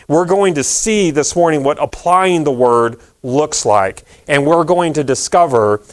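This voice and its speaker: A man's voice: on the high side, expressive, unhurried. A man pastor preaching a sermon in a conversational way, repeating key phrases and using fillers.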